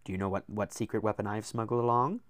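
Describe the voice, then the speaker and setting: A man's voice: lowish voice, fairly even intonation, quick pace, no echo, clean studio sound, lightly acted. A man doing a cutting, sarcastic woman. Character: sharp-tongued woman detective, cool and sarcastic.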